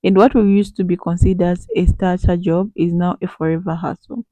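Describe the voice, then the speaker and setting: A woman's voice: fairly low pitch, fairly even intonation, a little fast, dark tone, no room sound, muffled recording. A woman hosting her channel, giving an earnest, persuasive commentary straight to her viewers. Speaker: channel host. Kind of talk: commentary monologue.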